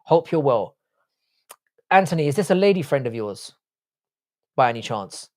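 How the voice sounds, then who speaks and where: A man's voice: medium pitch, sing-song, normal speed, a little mellow. A young English man with an English accent, hosting a livestream and chatting bluntly with swearing while reading viewer comments. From England. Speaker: livestream host.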